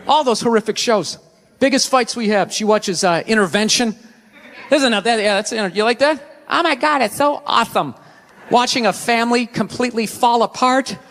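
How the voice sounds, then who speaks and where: A man's voice: very high-pitched, pushed and bright. A male stand-up comedian doing a routine on a stage in a large hall, in a ranting, exasperated and profane way. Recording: reverberant hall, faint noise.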